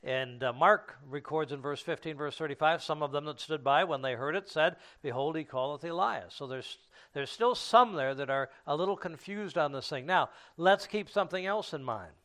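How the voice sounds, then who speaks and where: A man preaching a sermon, teaching from scripture in an unhurried way with frequent fillers and restarts. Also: on the high side, fairly bright tone.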